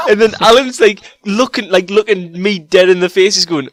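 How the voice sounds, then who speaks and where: A young man co-hosting a casual podcast, telling a story excitably with lots of swearing. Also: sits high, brisk, hardly any pauses, dry recording. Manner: excitable storytelling, heavy swearing, bursts of laughter. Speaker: podcast co-host. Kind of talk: casual chat.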